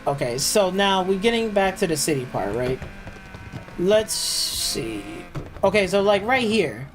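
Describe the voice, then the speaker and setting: Faint music plays behind this low-quality recording of a man streaming live gameplay, his high-pitched voice sing-song and a little slow. The gaming streamer is profane and complaining, ranting and swearing nonstop in loose, filler-heavy speech that keeps restarting.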